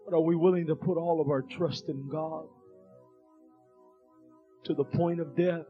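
A male preacher delivering a revival sermon in a fiery, shouting style, with folksy phrasing and frequent "uh" breaths. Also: sits high.

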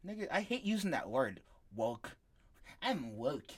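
A man's voice: mid-range voice, very animated, measured pace, husky. A young man co-hosting a podcast in casual chat, rambling, sarcastic and swearing freely. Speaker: podcast co-host.

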